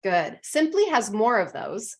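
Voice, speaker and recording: A woman runs an online pronunciation lesson, speaking at an unhurried, drawn-out pace. She is encouraging and spells out each sound carefully for her students. Her voice comes through a video call. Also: medium pitch, very animated. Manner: encouraging, models words slowly and deliberately. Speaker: English pronunciation teacher.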